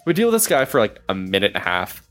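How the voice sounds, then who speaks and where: Male podcast host, animated storyteller, lively pitch, faint music behind. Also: fast talker. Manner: animated, laughing through anecdotes. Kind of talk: casual storytelling.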